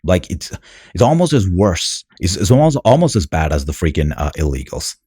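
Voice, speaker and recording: Deep husky man, sneering commentary. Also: big pitch swings, moderate pace, dark tone, no echo, clean studio sound. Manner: sneering, scornful, talks back at the clip. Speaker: commentator reacting to news clips. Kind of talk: mocking video commentary.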